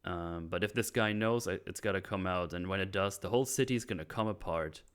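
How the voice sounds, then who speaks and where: A man's voice: low-pitched, fairly quick, smooth. A man on a podcast, casually recapping a film scene by scene in a rambling way, full of fillers and restarts, with a loose, joking, self-deprecating manner. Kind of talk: casual chat.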